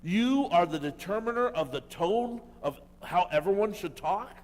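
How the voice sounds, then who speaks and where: A man preaching a sermon as a pastor, emphatic and full of rhetorical questions, swinging between loud and quiet. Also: high-pitched, lively intonation, normal speed. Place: church hall. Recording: long hall reverb.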